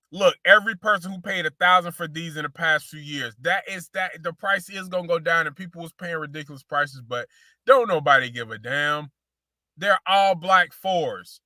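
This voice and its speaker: Bright-voiced man doing slangy sneaker talk. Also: on the high side, no echo, studio quality. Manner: slangy, repeats phrases, addresses viewers as y'all. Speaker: sneaker show host. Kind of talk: casual sneaker commentary.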